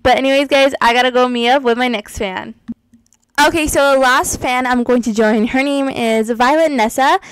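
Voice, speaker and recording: A woman's voice: sits high, moderate pace, smooth, no echo, rough recording. A young woman chatting casually as she plays, gushing and giggling often as she comments on her game. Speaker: gaming YouTuber.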